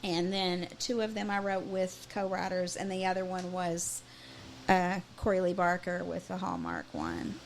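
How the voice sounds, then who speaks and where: A woman's voice: fairly low pitch, animated, measured pace, a little hiss or hum. Candid woman singer-songwriter, interview guest. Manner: earnest, candid, with hesitations. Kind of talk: casual interview chat.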